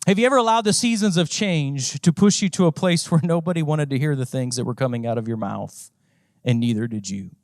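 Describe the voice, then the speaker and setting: A man with a high voice preaches in a conversational, storytelling way, circling back to repeat his phrases. The sound is dry and close, with no room echo. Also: a little fast, a little mellow. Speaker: pastor. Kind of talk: sermon.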